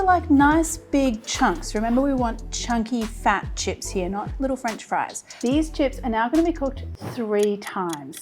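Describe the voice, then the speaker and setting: A woman's voice: fairly high pitch, a little mellow. An Australian woman hosting her cooking show, chatty and enthusiastic as she walks through a recipe. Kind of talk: upbeat cooking demonstration.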